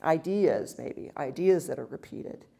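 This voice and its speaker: A woman's voice: sits low, a little slow, creaky, dark tone, breathy edge. A woman teaching a Bible study session at a women's retreat, reading verses aloud and then explaining them with frequent fillers and restarts.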